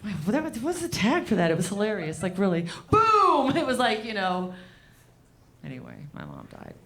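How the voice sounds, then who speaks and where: Profane deadpan woman doing stand-up. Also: lowish voice. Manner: deadpan, profane, riffs with the crowd. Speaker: stand-up comedian. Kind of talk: stand-up comedy set.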